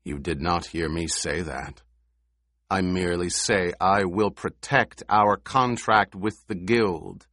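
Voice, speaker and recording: A man voicing a shrewd male smuggler chief who speaks low, measured and quietly guarded in an audiobook. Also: no room sound, studio quality, full character voice.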